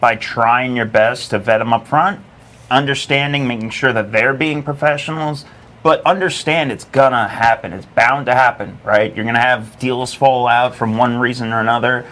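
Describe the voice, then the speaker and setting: A man's voice: medium pitch, fairly even intonation, normal speed, fairly bright tone. A man co-hosting a casual podcast, giving conversational advice and often checking in with "right?". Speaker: podcast co-host. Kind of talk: casual chat.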